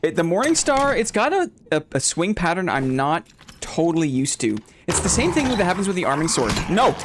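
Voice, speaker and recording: A man streaming a game live, chatting with his viewers, thinking out loud, repeating short phrases and getting jumpy and excitable during fights. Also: high-pitched, brisk, noisy background. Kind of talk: live gameplay commentary.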